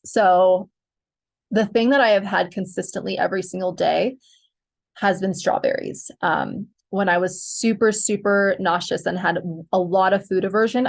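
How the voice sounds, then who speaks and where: Young woman, host, casual chatty delivery with gravelly fry, frequent fillers. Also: mid-range voice. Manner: chatty, many fillers, giggly. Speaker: podcast host sharing pregnancy updates. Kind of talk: casual chat to viewers.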